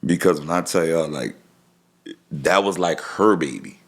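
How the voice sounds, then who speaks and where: A middle-aged man telling a personal story as a podcast guest, halting and restarting his phrases and acting out what people said. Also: rumbling low.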